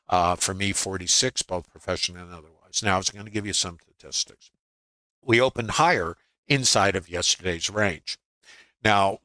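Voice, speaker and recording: Older man teaching trading, bright dry voice. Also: sits low, no room sound, poor audio. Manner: conversational, dry humor, frequent "uh" fillers. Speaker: trading educator. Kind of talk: live trading webinar talk.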